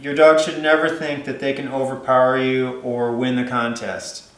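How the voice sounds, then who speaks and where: A man talks casually about raising a puppy, circling back with lots of "you know" and "like." His voice is mid-pitched and comes through in a noticeably echoey room. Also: level tone, normal speed, fairly bright tone. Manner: rambling, many fillers and restarts. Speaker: dog trainer. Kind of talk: casual advice vlog.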